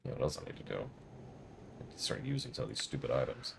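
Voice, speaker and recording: A man's voice: extremely low pitch, wildly swooping pitch, fast, gravelly, background noise. A man casually playing through a game on stream, chatting and muttering to himself as he reads the dialogue aloud.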